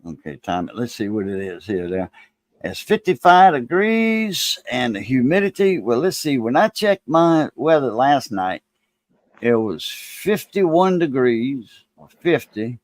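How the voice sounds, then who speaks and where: A man's voice: medium pitch, big pitch swings, measured pace, no echo. A man hosting a livestream, rambling in a folksy, casual way and greeting viewers. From Louisiana. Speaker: livestream host.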